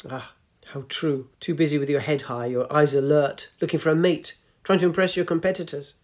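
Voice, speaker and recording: A man's voice: fairly high pitch, fairly even intonation, fairly quick, natural voice. A man voicing a grumpy, wry old woman of ninety-two in a storybook reading, tart and teasing. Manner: tart, teasing, lecturing the young.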